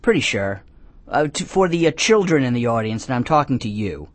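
A man hosting a call-in comedy radio show, drifting through deadpan, absurd tangents with self-mocking asides and frequent restarts. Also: medium pitch, a little fast, no room sound. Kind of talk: rambling comic monologue.

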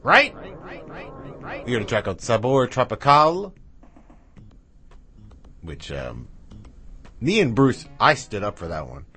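A man's voice: fairly low pitch, very animated, unhurried, pauses often, fairly bright tone. A man hosting a radio music show, back-announcing tracks in a chatty, rambling, self-mocking way with asides to his dog. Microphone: studio mic with headphones.

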